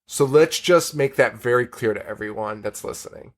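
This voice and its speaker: A man's voice: medium pitch, moderate pace. Rambling laughing man recapping a movie. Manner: rambling, swears, laughs often. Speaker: podcast host. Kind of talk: casual movie recap chat.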